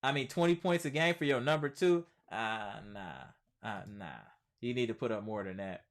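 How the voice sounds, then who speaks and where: On his casual sports live stream, the host speaks quickly in an expressive, mid-range voice. He reads comments from viewers aloud and answers with chatty slang, emphasizing his points by repeating them.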